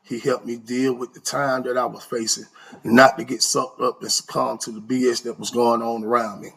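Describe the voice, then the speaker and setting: A man telling an animated, slang-heavy story in a casual way, his voice leaping up for emphasis. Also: medium pitch, normal speed, creaky, slightly rough. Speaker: storyteller recounting prison life.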